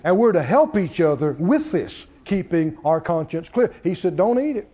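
A man preaching a sermon, folksy and animated, often laughing and acting out people in low mock voices. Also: normal speed, lo-fi sound.

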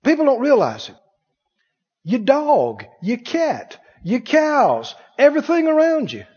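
In a church sanctuary, a male pastor preaches his sermon with a high, lively voice that has a breathy edge. He takes his time, swinging emphatically between loud passages and hushed ones, and the dull recording echoes around the hall.

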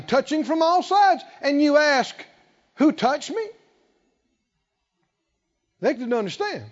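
A man's voice: extremely high pitch, darkish tone. A man preaching a sermon, emphatic and rhetorical, stretching out key words. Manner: emphatic, rhetorical questions, drawn-out stresses. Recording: dull sound with long hall reverb.

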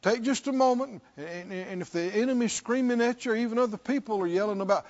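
A man's voice: high-pitched, quick pace, few pauses, lo-fi sound. A man preaching a sermon, reading scripture and repeating questions to his listeners with rising fervor.

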